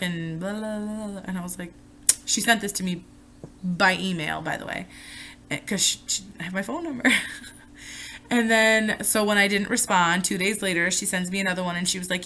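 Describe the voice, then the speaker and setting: A young woman vlogger telling a personal story, animated and full of swearing. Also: medium pitch, normal speed. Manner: animated, profane retelling. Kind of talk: casual storytime vlog.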